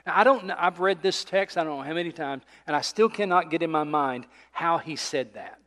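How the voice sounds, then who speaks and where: In a reverberant church sanctuary, a pastor delivers a sermon in a conversational style, posing rhetorical questions. His voice is on the high side and a bit bright, at normal speed.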